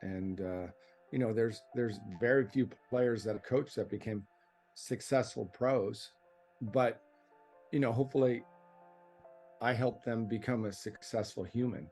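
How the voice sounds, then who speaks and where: A man's voice: mid-range voice, darkish tone, faint music behind. A middle-aged man, a college tennis coach, talking earnestly and reflectively in an interview. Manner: earnest and reflective, with thoughtful pauses.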